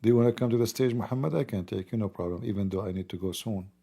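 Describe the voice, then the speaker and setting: Hoarse guy losing his voice, dark mellow tone, rambles on a livestream and clears his throat a lot. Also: fairly low pitch, rapid-fire. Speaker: livestream host. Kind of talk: casual livestream talk.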